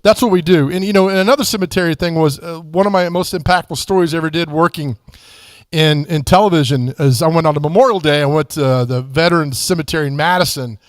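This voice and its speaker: A man with a fairly high voice shares faith stories at a church as a guest author. He talks in an earnest, folksy, conversational way. The sound is dry and close. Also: fast talker, dry recording. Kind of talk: conversational church testimony with storytelling.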